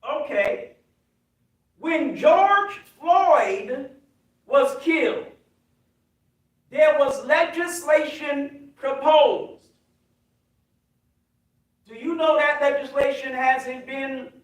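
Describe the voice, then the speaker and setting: An American man, a minister, preaching a sermon with call and response, emphatic and rising to shouts. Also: very high-pitched. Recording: very echoey hall, distant mic.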